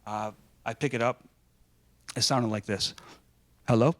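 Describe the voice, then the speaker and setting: Lively, joking man from Michigan. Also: fairly low pitch, unhurried. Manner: animated and joking, acting out dialogue. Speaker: guest speaker. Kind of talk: storytelling talk to a live audience.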